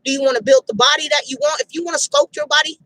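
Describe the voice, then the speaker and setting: Outdoors, a woman gives a casual fitness pep talk as a motivator, emphatic and direct, bluntly repeating her points in street slang. Her high voice is fairly bright and steady in tone, delivered rapid-fire. The recording is dry but low in quality.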